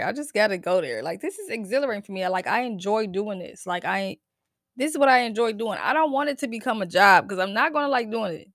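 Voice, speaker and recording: A woman's voice: mid-range voice, fairly bright tone, dry recording, studio quality. A woman hosting a casual solo podcast, talking in a chatty, slangy way, laughing often and swearing freely. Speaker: podcast host.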